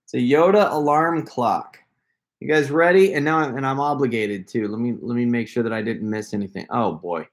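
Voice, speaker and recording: A man's voice: medium pitch, brisk. A man hosting a casual livestream from a room at home, chatting in a rambling way and breaking into laughter as he talks to viewers. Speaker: prank caller hosting a livestream. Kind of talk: casual live-stream chat.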